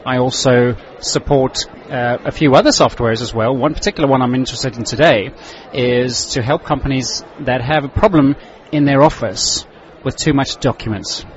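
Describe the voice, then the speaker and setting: Mid-pitched male consultant, steady and explanatory, slightly dull recording with faint noise. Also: moderate pace. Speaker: software consultant. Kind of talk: interview at a trade show.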